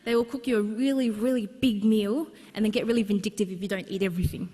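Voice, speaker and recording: A woman's voice: medium pitch, steady tone, fast talker, mellow, slight background noise. A woman giving a humorous, anecdotal personal talk to a live audience, with plenty of fillers. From Australia. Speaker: speaker at a book launch. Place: large exhibition hall, live audience. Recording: long hall reverb.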